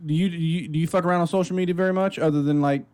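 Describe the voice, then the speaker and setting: A man's voice: on the high side, fairly even intonation, very fast, a little mellow, clean tone. Profane, blunt man chatting. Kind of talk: casual chat.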